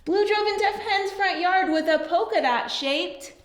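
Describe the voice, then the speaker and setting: A woman reading a picture book aloud to young children, in a sing-song, animated way with soft whispered asides, pausing to teach simple signs. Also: very high-pitched, reverberant. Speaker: storyteller teaching baby signs.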